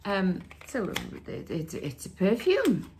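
A woman talks through a beauty box in a chatty, relaxed way, reading labels aloud and filling gaps with "um" and "like." Her voice sits at a mid pitch, with a faint hiss of noise behind it. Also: takes it slowly, creaky. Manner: chatty, reads product labels aloud with fillers. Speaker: beauty vlogger. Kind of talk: casual unboxing chat.

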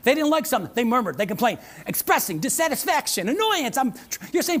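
A woman's voice: a little high, sing-song, fairly quick, hardly any pauses. A woman pastor preaching a sermon at a church service. She is emphatic, repeats key phrases, calls out to the congregation for a response, and slips in playful asides with a chuckle.

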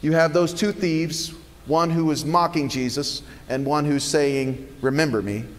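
A pastor preaching a sermon in a church, earnest and emphatic with dramatic pauses. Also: male voice, fairly high pitch, steady tone, big-room sound. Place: church sanctuary.

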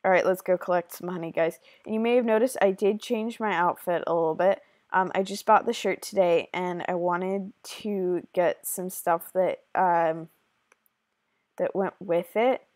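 A woman giving casual game commentary, chatty and a little apologetic, with halting pauses. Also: lowish voice, steady tone, darkish tone, dry recording, studio quality. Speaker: gaming video creator.

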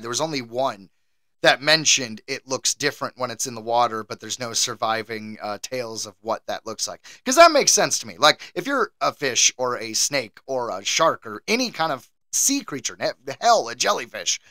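An American man co-hosting a casual podcast, animated and quick to laugh as he runs a trivia game. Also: mid-range voice, no room sound. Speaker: podcast co-host. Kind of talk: casual chat.

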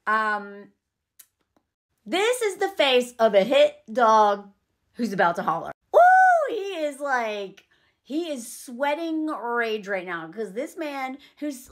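A woman's voice: on the high side, fairly bright tone. A young woman, chatting opinionatedly through a movie reaction. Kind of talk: casual movie commentary.

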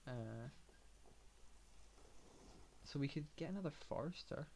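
A man's voice: a little high, animated, unhurried, creaky, dark tone, a little hiss or hum. A man giving casual gameplay commentary, thinking aloud with lots of fillers and dry, sarcastic asides. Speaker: gamer.

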